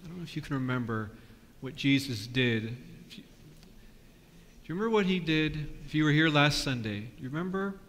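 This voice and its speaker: A man leading a lively children's sermon, asking the kids questions in a church with a balcony. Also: a little high, fairly quick, pauses often. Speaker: pastor. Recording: long reverb of a church.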